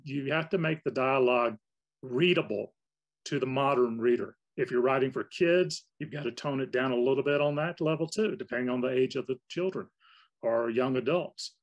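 A man's voice: mid-range voice, rough recording. A man who is a novelist, giving a conversational workshop lecture on writing in a loose, rambling way. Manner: conversational, loose, with fillers and restarts. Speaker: guest speaker, novelist.

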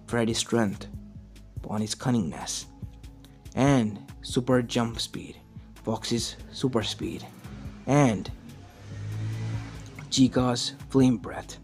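A man's voice: medium pitch, steady tone, slow, long pauses, darkish tone, soft background music. A man narrating a fan story in a plain, run-on storytelling way.

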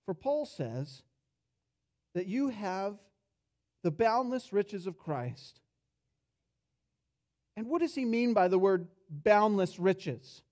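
A pastor preaching a sermon in a church, telling a story and acting out its characters, dropping soft and low for reflective points. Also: male voice, big pitch swings, slow, pauses often. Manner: storytelling, acts out characters' lines with rising energy. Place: church sanctuary.

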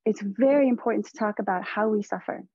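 A woman giving a slow, deliberate, earnest spiritual lecture to therapists over a video call. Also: mid-range voice, darkish tone, husky, no room sound. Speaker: presenter on a teaching panel. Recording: dull lo-fi video call audio.

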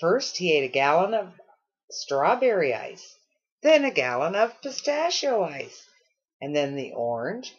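Lady reading a kids' story out loud, lots of pitch swings, lowish voice. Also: a little slow, slightly rough, highs cut off. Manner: expressive storytelling with acted character lines. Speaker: storybook reader. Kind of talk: reading a children's picture book aloud.

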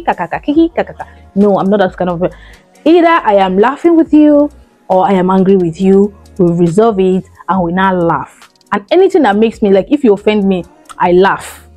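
A chatty woman talks straight to her viewers. Her voice is mellow and warm, and she leans hard on her points, repeating lines for emphasis. Soft music plays faintly behind her. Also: medium pitch. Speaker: vlogger. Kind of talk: casual talk to camera.

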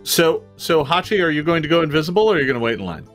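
A game master narrating a tabletop role-playing session in a relaxed, easygoing way. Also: medium pitch, very fast, faint music behind.

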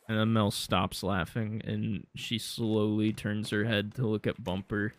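A man's voice: lowish voice, measured pace, creaky, hardly any pauses. Sarcastic joking male game streamer. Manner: sarcastic, deadpan joking, laughs at his own jokes. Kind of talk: casual gameplay commentary.

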